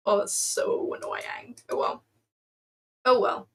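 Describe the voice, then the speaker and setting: A woman hosting a casual trading livestream, chatting freely with lots of fillers and answering viewers as she goes. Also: slow. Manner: chatty, filler-heavy, answers chat aloud.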